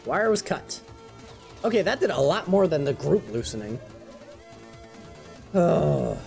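Excitable guy doing let's play commentary, yells a lot, pitch all over the place, faint game music behind. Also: unhurried, vocal fry, long pauses. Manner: excitable, shouts reactions. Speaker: gamer.

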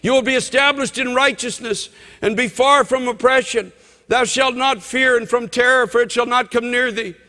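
High, bright shouting preacher in reverb. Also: male voice, fairly even intonation, moderate pace. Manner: fervent preaching, shouting scripture. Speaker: pastor. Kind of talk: sermon.

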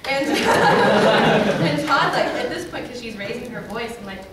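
Animated woman telling a story at a panel. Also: measured pace. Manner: animated, acts out quotes in high voices, laughs often. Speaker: panel guest. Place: convention panel room. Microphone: recorded by a camera in the audience. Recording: roomy hall from far off with crowd noise. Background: audience ambience.

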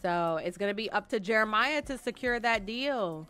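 A young woman giving slangy, expressive, profane commentary over a life-sim game. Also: mid-range voice, normal speed, faint music behind. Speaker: gaming channel host. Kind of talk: casual gameplay commentary.

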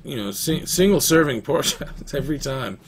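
A man's voice: a little high, animated, moderate pace. A young man giving rambling, casual commentary while playing a game, talking to the dog in it. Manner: chatty, rambling, talks to his dog. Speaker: gaming YouTuber. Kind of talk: casual let's-play commentary.

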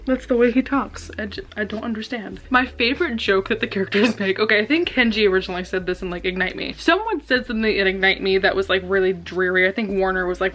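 Young woman book vlogger, super excitable and dramatic, laughs a ton while reading. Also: mid-range voice, a little fast. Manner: excitable and dramatic, laughs often, gushing asides. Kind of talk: casual reading reaction vlog.

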